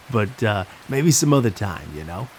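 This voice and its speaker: A man's voice: medium pitch, very noisy. A man voicing a creepy male party clown with a thick New York accent, coaxing and wheedling.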